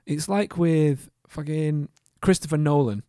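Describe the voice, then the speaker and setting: A man's voice: fairly high pitch, unhurried, warm tone, clear, resonant tone, dry recording, studio quality. A man co-hosting a podcast, chatting casually about game music, swearing freely and humming tunes as he talks. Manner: swears freely, hums and sings tunes mid-sentence. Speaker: podcast co-host.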